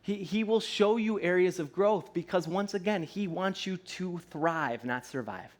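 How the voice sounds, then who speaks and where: A man, likely in his thirties, preaching a sermon in a church in a relaxed, conversational way, often checking in with "right?" and slipping into playful voices. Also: high voice, unhurried. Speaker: pastor. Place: church sanctuary.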